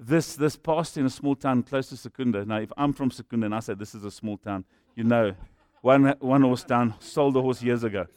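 A man's voice: mid-range voice, fairly quick, few pauses, a little mellow, no echo. A man with a South African accent preaching a sermon as a jokey storyteller who acts out the people in his stories.

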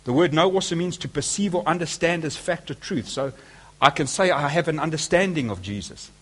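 A man's voice: on the high side, lively intonation, brisk, a bit bright. A man preaching a sermon, speaking emphatically and asking his listeners rhetorical questions.

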